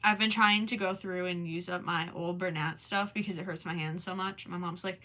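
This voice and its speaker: Young woman on a crochet livestream, bright voice, chatty, keeps breaking off to count stitches. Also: lowish voice, steady tone, moderate pace, few pauses. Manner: chatty and distracted, often stops to count stitches under her breath. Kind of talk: casual livestream chat while crocheting.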